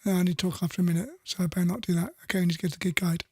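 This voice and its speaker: A male radio DJ with a gravelly, fry-tinged voice, talking casually between records and thinking out loud. He stumbles and corrects himself in an easygoing, chatty way. The sound is close and dry, with no room around it. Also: high-pitched, fairly even intonation, very fast, no echo. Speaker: radio DJ host.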